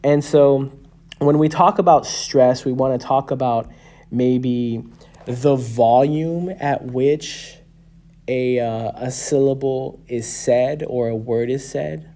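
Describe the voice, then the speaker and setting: A man's voice: medium pitch, steady tone, takes it slowly, dark tone. A man in his thirties teaching a class, patiently explaining and often checking in with "okay?" or "right?". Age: 30s. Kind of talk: classroom lecture.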